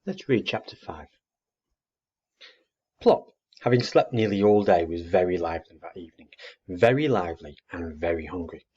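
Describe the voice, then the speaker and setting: A man reading a children's book aloud in an expressive way. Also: low voice, breathy edge. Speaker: storyteller. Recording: dull muffled recording.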